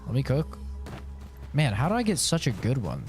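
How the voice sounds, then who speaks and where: A man's voice: mid-range voice, wildly swooping pitch, normal speed, a little mellow, faint music behind. A man streaming a video game, giving live commentary full of profane jokes and banter aimed at the characters on screen. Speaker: gaming streamer.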